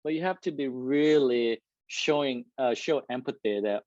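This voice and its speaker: A man who speaks English as a second language, giving a lively, loud talk to a live and online audience, laughing often and asking the room "right?". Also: mid-range voice, normal speed, few pauses, no echo. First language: not English. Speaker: guest speaker. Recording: dull lo-fi recording.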